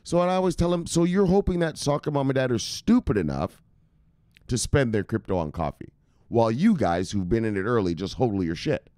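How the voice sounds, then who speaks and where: A man's voice: medium pitch, expressive, a little fast, mellow, dry recording, clean studio sound. A man from Jamaica hosting a crypto news channel, ranting casually and profanely with heated sarcasm. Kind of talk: casual opinion rant to camera.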